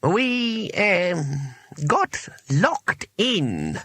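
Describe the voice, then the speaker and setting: A man voicing a pompous elderly male wizard who speaks slowly and haughtily. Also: high voice, sing-song, pushed and bright, no echo, studio quality, pitched above the performer's own voice, heavily acted. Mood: haughty. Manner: haughty, drawn-out slow speech. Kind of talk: audiobook character voice.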